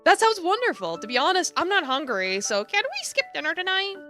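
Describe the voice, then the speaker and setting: A woman's voice: extremely high pitch, huge pitch swings, brisk, bright, forceful tone, soft background music, voice pushed up, exaggerated voice. A woman voicing a polite, easygoing young female guest in a game.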